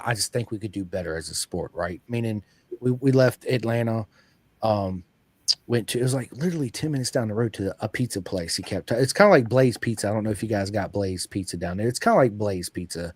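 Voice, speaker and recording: Man, podcast host, lowish voice, energetic, animated storytelling, dry close recording. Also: brisk, slightly rough, dry recording. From United States. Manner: energetic storyteller, acts out quotes. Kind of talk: casual chat.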